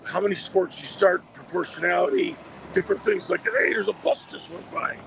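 A hoarse man, an athletic director, calling in by phone to a radio show from outdoors. He chats casually and often restarts his sentences. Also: high-pitched, wildly swooping pitch, brisk, a bit bright, a little hiss or hum. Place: outdoors by a busy street.

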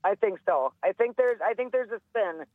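A woman's voice: medium pitch, expressive, moderate pace, dry recording. A young adult woman, a radio show guest, chatting casually over the phone in an upbeat way and laughing easily. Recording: tinny phone line.

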